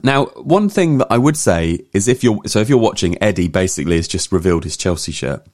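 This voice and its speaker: A man's voice: low voice, a little fast. A man hosting a casual podcast chat, often restarting his sentences. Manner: hesitant, restarts, lively. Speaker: podcast host.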